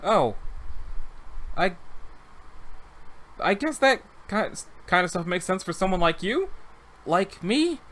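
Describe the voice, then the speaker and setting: A man's voice: high-pitched, very animated, slow, long pauses, fairly bright tone, exaggerated voice. A man doing a jittery young rat-person. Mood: nervous. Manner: hesitant, stammering, chatty. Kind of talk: reading a text game aloud.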